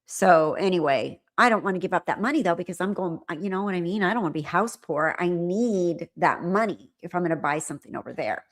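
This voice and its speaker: A woman's voice: lowish voice, lively intonation, a little fast, hardly any pauses. A middle-aged woman hosting a livestream, chatting with viewers in a rambling way and often trailing off and restarting. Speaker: livestream host. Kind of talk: casual chat with viewers.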